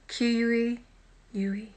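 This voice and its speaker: A British woman hosting a casual live-stream chat on her phone, chatty and self-deprecating, with quiet muttered asides. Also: fairly high pitch, heavy background noise. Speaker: host.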